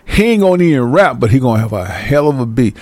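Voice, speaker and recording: A man delivering an animated, profane comedic rant, laughing between lines. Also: mid-range voice, quick pace, no echo.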